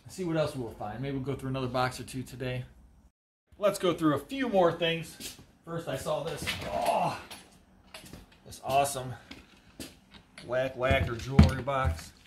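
A man works as an auctioneer and talks his way through boxes in a casual, joking manner, breaking into excited exclamations. His voice sits at an ordinary mid pitch. Crinkling paper and clicks sound clearly behind him. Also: unhurried, pauses often. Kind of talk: casual unboxing commentary. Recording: noisy background with crinkling.

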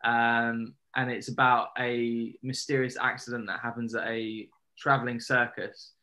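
A man, an actor, chatting as a guest over a video call in a relaxed, rambling way with many fillers. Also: medium pitch, unhurried. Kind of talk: casual interview chat.

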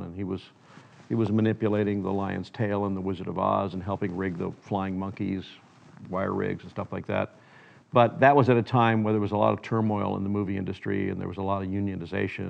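A man's voice: on the low side, creaky, lo-fi sound. An older man, a filmmaker, telling stories in a reflective interview, often quoting others in his anecdotes.

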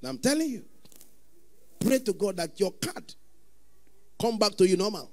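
A man with a Nigerian accent preaching a sermon as pastor, often breaking into sudden shouts. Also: high voice, big pitch swings, normal speed.

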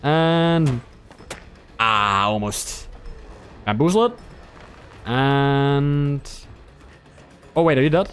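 A man's voice: medium pitch, very slow, long pauses, a bit bright, clear, resonant tone. A man giving playful, joking commentary over his own gameplay, talking to the players he chases and laughing at his own lines. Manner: playful, joking, self-amused. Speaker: gameplay streamer. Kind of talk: live game commentary.

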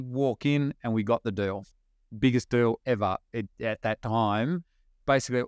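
A middle-aged Australian man speaks as a podcast guest, telling stories of his early business days with animated energy and quick bursts of laughter. His voice sits at an ordinary middle pitch, and the recording is dry and close, with no room sound. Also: clean tone, no echo. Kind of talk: storytelling interview talk.

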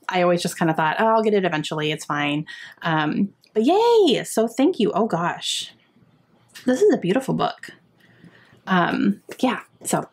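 A young adult woman in casual, excited chat as she unwraps gifts for her book vlog. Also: lowish voice. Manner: excited and chatty, gasping and laughing often. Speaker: book vlogger.

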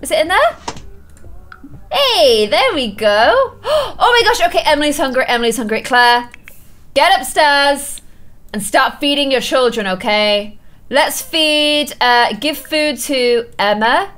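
A woman with a high, bright voice commentating on a life-simulation game for her viewers. She swings her pitch widely and gasps often. Her reactions are loud and playful. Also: unhurried. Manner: excitable, frequent gasps, playful exclamations. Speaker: video game streamer. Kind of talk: gameplay commentary.

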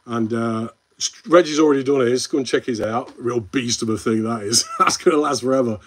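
A slightly husky, mid-pitched man with a Midlands accent runs a relaxed live stream, talking a touch quickly. He drifts between subjects, reads viewer comments out and then answers them, bantering warmly and calling everyone mate.

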